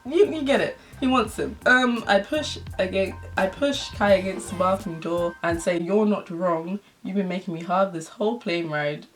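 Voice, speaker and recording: A woman's voice: medium pitch, moderate pace, hardly any pauses, faint music behind. A young adult woman vlogger reads her old fan fiction aloud, laughing and adding embarrassed, self-mocking asides.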